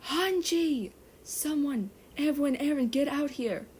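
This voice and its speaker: A woman's voice: mid-range voice, level tone, racing, a little hiss or hum, lightly acted. A woman voicing a stern, protective male soldier captain in a fan fiction reading, with an urgent, commanding delivery. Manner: urgent, commanding, then hushed and soothing. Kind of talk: fan fiction read aloud.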